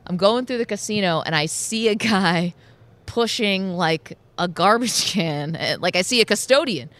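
A woman's voice: mid-range voice, animated, normal speed, a bit bright, no echo. A sleep-deprived woman co-hosting a sports radio show, telling a story with frequent laughter in casual banter. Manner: laughing, storytelling, self-deprecating. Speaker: radio co-host.

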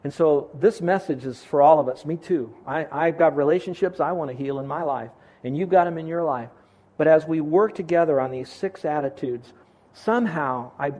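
Male pastor, fairly high voice, earnest and pleading sermon delivery in church. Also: darkish tone, lo-fi sound.

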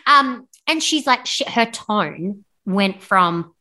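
A young woman, a podcast guest telling her birth story in a frank, animated way with blunt swearing. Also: mid-range voice, takes it slowly. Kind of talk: casual storytelling interview.

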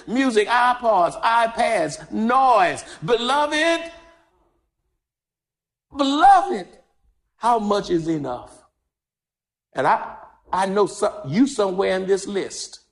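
A man preaching a sermon as pastor, fervent and repetitive, often shouting and crying out. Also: high voice. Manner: lists and repeats phrases rhythmically.

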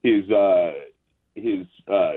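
Husky man on a tinny phone line. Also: low-pitched, fairly even intonation, very slow. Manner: rambling, hesitant, full of restarts. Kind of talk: casual phone interview.

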